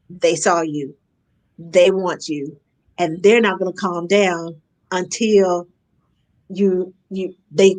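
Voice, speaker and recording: A woman talking as a nanny in a casual conversation, animated and acting out the parents and children she describes. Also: medium pitch. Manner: animated, acts out parents and kids in quick asides. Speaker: nanny guest.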